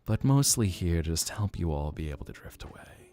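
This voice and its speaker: A man hosting a relaxed live stream, chatting with viewers in a soft-spoken, musing way. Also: low voice, fairly quick, faint music behind. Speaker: livestream host.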